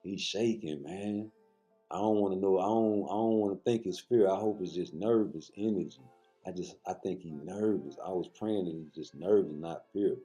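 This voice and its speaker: A man riffs through casual, profane boxing commentary and talks straight to his audience. His voice is deep and very dark, yet his pitch swings a lot as he jokes. Faint music plays behind him. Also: moderate pace. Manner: loose, joking, talks straight to viewers.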